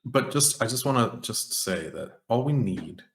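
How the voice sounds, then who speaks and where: A man's voice: mid-range voice, expressive, moderate pace. A man co-hosting a casual podcast chat, talking through his ideas with enthusiasm and lots of fillers. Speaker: podcast co-host. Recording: roomy echo.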